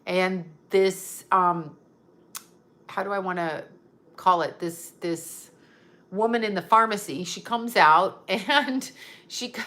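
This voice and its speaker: A woman psychic medium chats on a casual livestream, reading viewer comments aloud and answering each one. Her voice is bright and sharp-edged and sits at an ordinary pitch. She talks bluntly, swears often and wanders off into asides. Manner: blunt and profane, rambling asides; reads out comments and answers them in turn.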